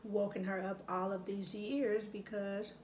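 A woman's voice: mid-range voice, flat delivery, unhurried, a little mellow, a little hiss or hum. A middle-aged woman chatting casually while she eats at home, reflective and reminiscing, with lots of fillers. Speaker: mukbang vlogger. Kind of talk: casual chat while eating. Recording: echoey room with faint ambience.

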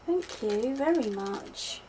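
A middle-aged woman gushing softly as she opens a parcel at home, with lots of delighted exclamations. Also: a little high, expressive, slow, a little hiss or hum, poor audio. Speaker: vlogger opening happy mail. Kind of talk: unboxing chat. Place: at home in a conservatory.

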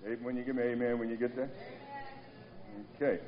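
A man's voice: mid-range voice, flat delivery, fairly quick, dull audio. A man preaching a sermon to a congregation, emphatic and repetitive, often asking them to answer back. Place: church sanctuary. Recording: long reverb of a large hall.

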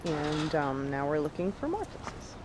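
A woman vlogging casually, chatty and excitable, talking in quick bursts as she explores. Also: low voice, background noise. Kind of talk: casual vlog chat. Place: indoors, exploring and in a music store. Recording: music playing loudly behind.

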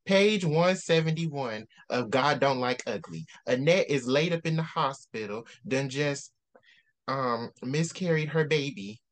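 A man's voice: medium pitch, animated, measured pace. A man co-hosting a casual book discussion, ranting heatedly and repeating lines for emphasis. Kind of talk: animated casual book rant.

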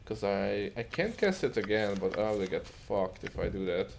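A man's voice: on the low side, very animated, moderate pace, gravelly, a little hiss or hum. A man casually commenting while playing a game, muttering to himself and swearing often. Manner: muttering, swearing, self-amused. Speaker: let's play host.

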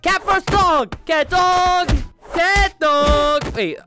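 A man doing goofy, excited commentary while playing a VR game, with loud outbursts. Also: very high voice, extremely slow, music in the background. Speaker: gaming YouTuber.

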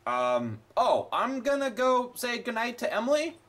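Brief: young male game commentator, high voice, swings up and down a lot, sarcastic and foul-mouthed. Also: big pitch swings, measured pace, a bit bright. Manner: profane, sarcastic, rambling. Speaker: gameplay commentator. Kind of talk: let's play commentary.

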